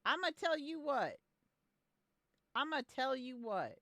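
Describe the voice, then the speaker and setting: A woman's voice: high voice, sing-song, slow pace, sharp tone, no echo, clean studio sound. A young adult woman streamer chatting casually on a live stream, blunt and profane, often repeating herself. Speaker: game streamer.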